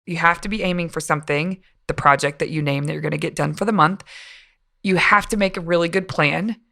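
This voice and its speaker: A woman hosting a casual solo podcast with a slightly rough morning voice, talking in an upbeat, encouraging coaching tone. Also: fairly low pitch, fairly quick, pushed and bright. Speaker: podcast host. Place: home, early morning.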